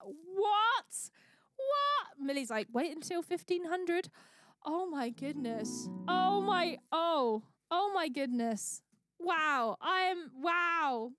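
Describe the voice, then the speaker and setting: A woman's voice: very high voice, sing-song, extremely slow, a bit bright. A woman hosting a charity livestream, gushing and effusive as she thanks viewers one by one. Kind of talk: live stream chat thanking donors.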